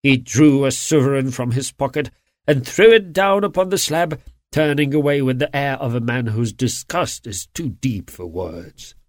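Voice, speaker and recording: A man reading a classic detective story aloud in an expressive storytelling manner. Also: medium pitch, normal speed, no echo, studio quality. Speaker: narrator.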